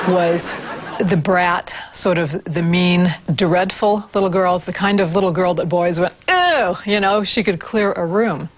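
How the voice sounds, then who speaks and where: Woman speaking candidly, lowish voice. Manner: candid, emphatic. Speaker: former child actress. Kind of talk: reflective interview.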